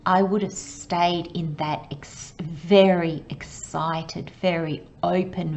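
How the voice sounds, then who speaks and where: A woman giving a casual tarot reading, excitable and rambling, with frequent laughs and soft asides. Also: fairly low pitch, a little slow, lo-fi sound, a little hiss or hum. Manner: excitable, rambling, laughs often, sometimes drops to a whisper. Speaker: tarot reader.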